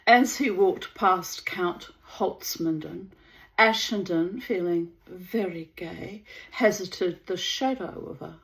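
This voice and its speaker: A woman reading a story aloud in a measured way, lingering over words. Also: medium pitch, low-quality recording. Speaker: reader of a story.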